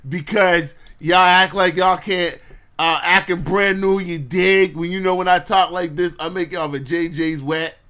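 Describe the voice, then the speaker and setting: A man's voice: sits high, steady tone, unhurried, sharp tone, smooth. A man hosting his own podcast, ranting bluntly and profanely to his live chat and laughing at his own jokes. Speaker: podcast host.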